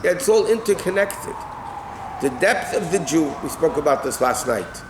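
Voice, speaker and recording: A man's voice: a little high, expressive, moderate pace. A male rabbi teaching a text-based class, explaining phrase by phrase and translating as he goes, with asides like "right?" and "okay?". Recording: echoey room with faint ambient noise.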